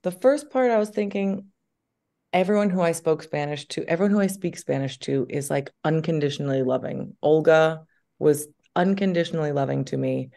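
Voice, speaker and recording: Woman guest, 30s, gravelly voice, animated and chatty, video call. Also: sits low, brisk. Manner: animated, chatty, with many fillers. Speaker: actress, guest. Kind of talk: casual interview chat.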